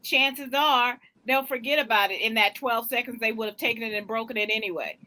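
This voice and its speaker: A woman co-hosting a casual panel chat, animated and quick to laugh. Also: a little high, low-quality recording. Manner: animated, laughing, repeats herself. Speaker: co-host.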